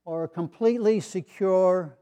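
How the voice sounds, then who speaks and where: With a clean tone and an unhurried delivery, the elderly retired pastor preaches in a high, mellow voice. He relates stories with gentle wit and puts on voices for those he quotes.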